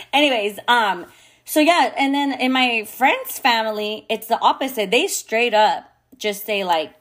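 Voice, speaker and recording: A woman's voice: on the high side, unhurried, fairly bright tone. Blunt, swearing woman podcaster. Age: adult mother. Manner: blunt, heavy swearing, frequent fillers; mixes in Spanish phrases. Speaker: podcast host. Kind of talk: candid casual monologue.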